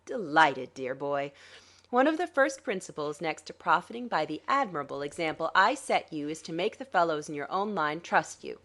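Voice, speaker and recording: Using a low-pitched voice at a moderate pace, a woman narrator in a dramatic audiobook portrays a cool, scheming male swindler. He comes across as smug, dry and condescending, her delivery lilting up and down with animated sarcasm.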